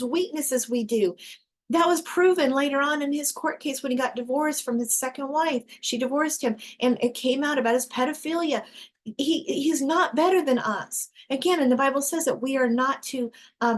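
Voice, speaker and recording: An earnest woman leading a casual group discussion, her voice sitting somewhat high. She talks emphatically, often restarting her sentences as she works through a point. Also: moderate pace. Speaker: discussion host.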